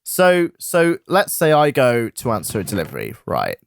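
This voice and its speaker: A man's voice: medium pitch, wildly swooping pitch, moderate pace, vocal fry. A young man teasing his co-host in casual banter, playful and joking.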